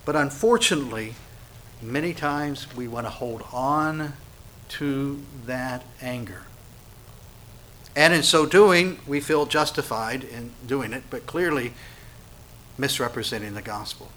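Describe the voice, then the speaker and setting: A pastor preaching a sermon, with emphatic stresses and quiet asides. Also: male voice, mid-range voice, unhurried, slight background noise. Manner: emphatic preaching, swings between loud stresses and soft asides.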